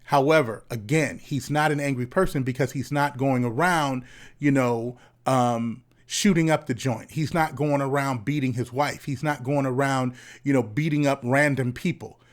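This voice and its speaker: A man's voice: medium pitch, fairly even intonation, normal speed. A man, a therapist, talking casually and directly to his viewers, often repeating words and asking "right?". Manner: conversational, repeats words, frequent tag questions. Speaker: therapist and host. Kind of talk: casual talk to camera.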